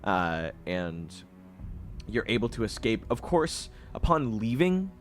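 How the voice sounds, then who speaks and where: A man's voice: lowish voice, sing-song, slow, faint music behind. A young man narrating a tabletop game as game master, laughing often in a loose, profane way.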